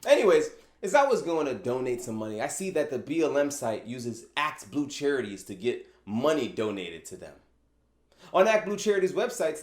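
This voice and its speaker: A man hosting his own opinion commentary vlog, animated and sarcastic, asking rhetorical questions. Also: on the high side. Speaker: channel host. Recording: echoey room.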